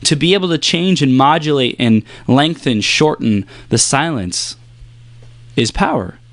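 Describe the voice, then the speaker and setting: A man giving a motivational coaching talk, emphatic and repetitive, playing with pace and long pauses. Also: medium pitch, lively intonation, no room sound. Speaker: performance coach.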